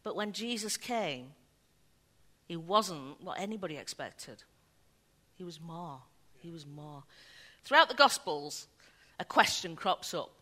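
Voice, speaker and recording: A woman preaching a sermon, telling the story in an animated way and acting out the voices of the people in it. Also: lowish voice, unhurried. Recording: long hall reverb.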